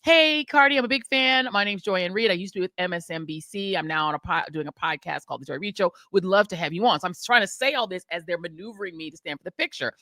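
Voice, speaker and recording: A middle-aged American woman hosting a podcast, telling a story in lively casual chat and acting out the people she quotes. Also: on the low side, rapid-fire, hardly any pauses, no echo. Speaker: podcast host.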